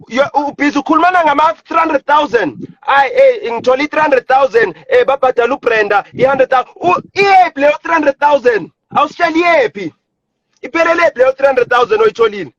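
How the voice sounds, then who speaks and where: A South African man's voice, pitched very high and tight, fires off an angry, repetitive, profanity-laced rant into a phone on a live stream. The sound is dry and close with no room around it, but dull and lo-fi like a phone stream. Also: brisk, fairly bright tone, no room sound.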